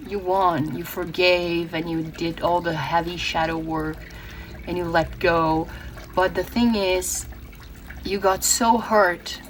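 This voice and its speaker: A woman's voice: on the low side, a little hiss or hum, rough recording. A woman from Brazil giving a tarot reading, earnest and emotional, often restarting her words. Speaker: tarot reader.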